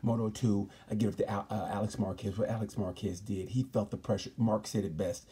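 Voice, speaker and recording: A man's voice: lowish voice, steady tone, a little fast, few pauses, mellow, husky. A man hosting a comedic motorsport review, rambling and emphatic, often stopping to say "let me tell you something". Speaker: host. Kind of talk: comedic sports commentary.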